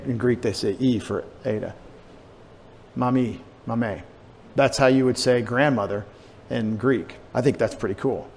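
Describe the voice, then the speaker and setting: A pastor giving a conversational, digressive sermon, with asides and restarts. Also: male voice, medium pitch, darkish tone. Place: church sanctuary. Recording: long church reverb, faint room noise.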